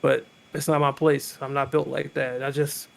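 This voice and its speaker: A man guest-hosting a podcast in casual chat, talking in an emphatic, animated way. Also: medium pitch, moderate pace, creaky.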